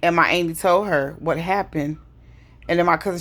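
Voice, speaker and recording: A woman's voice: lowish voice, moderate pace, fairly bright tone. A woman, telling a personal story in an emotional, conversational way and often repeating herself. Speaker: vlogger.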